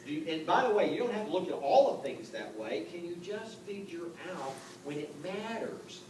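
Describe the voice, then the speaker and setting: A man in his fifties coaches a room of real estate agents in a loose, joking way, firing off rhetorical questions. His voice sits a little high for a man. He is picked up from across an echoey meeting room, with a clear layer of background noise. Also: big pitch swings, normal speed, far from the mic. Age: 50s. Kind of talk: live motivational seminar talk.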